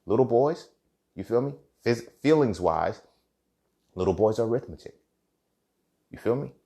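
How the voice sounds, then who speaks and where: A man's voice: mid-range voice, lively intonation, normal speed, mellow. A man hosting a podcast, talking in a passionate, conversational monologue, swearing freely and checking in with "you feel me". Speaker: podcast host. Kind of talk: casual monologue.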